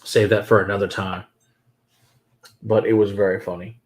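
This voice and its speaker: A man's voice: lowish voice, level tone, moderate pace. A man hosting a whiskey livestream, chatting casually with viewers, answering their comments and laughing often.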